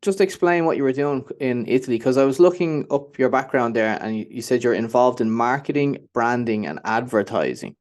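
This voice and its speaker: A man's voice: medium pitch, animated, a little fast, few pauses, darkish tone. A man from Ireland, hosting a casual interview, chatty and informal. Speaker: podcast host.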